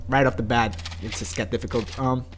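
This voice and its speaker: A man giving chatty, excitable gameplay commentary, talking to his viewers. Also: mid-range voice, brisk, a little hiss or hum. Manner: excitable, chatty, yelps and laughs at the game; talks directly to viewers. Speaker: let's play gamer.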